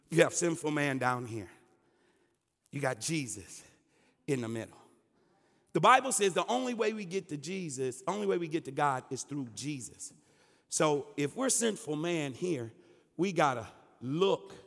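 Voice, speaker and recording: A fervent pastor with a high, gravelly, fairly bright voice preaches a sermon in a church sanctuary, calling out to the congregation. Long church hall reverb fills the recording.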